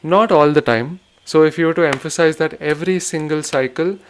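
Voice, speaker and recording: A man's voice: on the high side, brisk, slight background noise. A man giving a spoken music lesson, patiently explaining rhythm cycles and chanting rhythm syllables aloud. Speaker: rhythm teacher.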